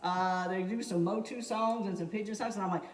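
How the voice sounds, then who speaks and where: A woman in casual chat, an animated storyteller who laughs often and repeats her points. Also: mid-range voice, fairly quick, distant mic. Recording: echoey room, voice from off mic.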